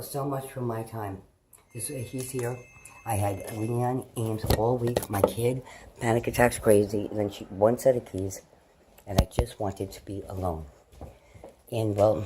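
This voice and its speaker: A woman's voice: extremely low pitch, background noise. A middle-aged woman vlogging from home, rambling loosely, swearing freely and chatting to her pets. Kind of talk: casual rambling chat to camera. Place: at home, indoors. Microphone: phone held in hand.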